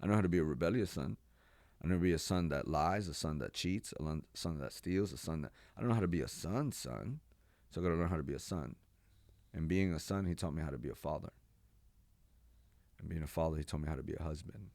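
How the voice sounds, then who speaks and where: A man in his forties, a pastor from New York, telling his life story as a podcast guest in an animated, casual way with slang. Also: a bass voice, fast, dry recording. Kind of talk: personal testimony in a podcast interview.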